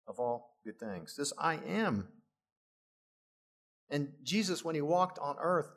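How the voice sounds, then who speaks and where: Animated preaching man, higher voice. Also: unhurried, pauses often. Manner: animated preaching, voice rising for emphasis, chuckling asides. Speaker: pastor. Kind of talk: sermon.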